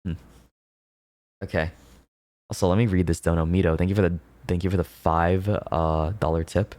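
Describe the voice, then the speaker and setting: A man's voice: low voice, fairly even intonation, moderate pace, darkish tone, dry recording. A young man streaming from home into a close desk mic, chatting casually with his viewers in a rambling way, with laughs and swearing. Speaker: VTuber streamer. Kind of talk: casual livestream chat reading confessions.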